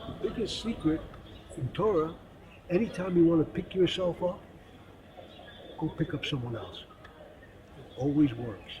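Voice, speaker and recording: A man teaching religious lessons through earnest, animated storytelling, recorded outdoors at a busy site. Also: sits high. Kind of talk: storytelling spiritual talk. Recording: crowd noise in the background.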